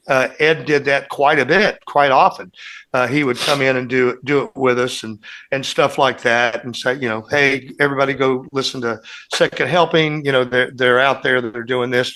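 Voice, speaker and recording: A man's voice: medium pitch, pushed and bright. A man on a casual podcast, telling long, rambling band anecdotes as a guest musician and acting out what others said.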